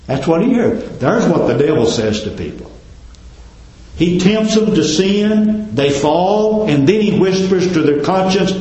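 A male preacher delivering a fervent sermon, climbing loud and then dropping to a hush. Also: lively intonation, unhurried. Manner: fervent, swinging between loud climbs and low hushed drops. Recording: very echoey, dull lo-fi church recording.

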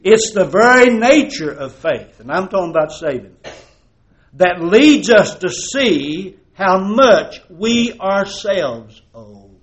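A male pastor preaching a sermon with a fairly high voice. He keeps moving between loud, stressed phrases and near-hushed asides. He leans on folksy stories and rhetorical questions. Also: very animated, slow. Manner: preaching with dramatic swings from loud emphasis to hushed tones.

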